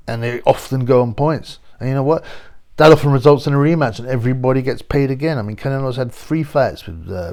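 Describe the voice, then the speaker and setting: Channel host, London man, gravelly, blunt and rambling. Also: medium pitch, a little mellow. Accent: London English. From England. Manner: rambling, blunt, full of slang and asides. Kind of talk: casual opinionated monologue.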